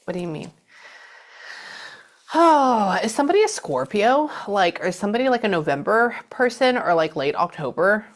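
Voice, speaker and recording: A woman's voice: medium pitch, sing-song, normal speed. A middle-aged woman giving a psychic reading, chatting away and acting out the messages she passes on. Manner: chatty, relays messages with quoted voices.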